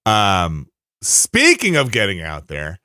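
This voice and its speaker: A man's voice: low voice, huge pitch swings, slow pace, pushed and bright, dry recording, clean studio sound. A man hosting a casual podcast, telling rambling stories with many restarts. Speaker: podcast host.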